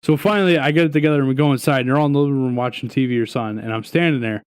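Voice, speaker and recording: Young guy podcast co-host, mid-pitched, dry close sound, spins crude stories with lots of "dude". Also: very fast, smooth, no room sound. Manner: profane, animated storytelling with lots of "dude" and "right?". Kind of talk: casual storytelling chat.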